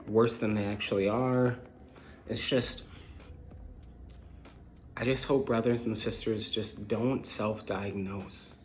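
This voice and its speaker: A man with a fairly low voice speaks straight to his listeners as a podcast host. His talk is blunt and preachy, looping back on the same phrases. He sounds manic and scattered, with soft music playing faintly underneath. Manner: repetitive, emphatic, jumps between thoughts. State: manic, disorganized thoughts. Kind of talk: casual monologue to viewers.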